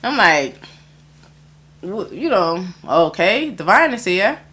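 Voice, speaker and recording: A woman guest in an interview, telling a story in casual talk, animated and acting out other people's lines, swearing often. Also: medium pitch, slow pace.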